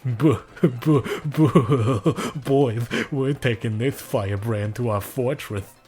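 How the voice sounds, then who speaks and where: A man voicing a pompous, scheming male villain commander who bosses and sneers in drawn-out threats. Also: medium pitch, darkish tone, breathy edge, soft background music. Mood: menacing.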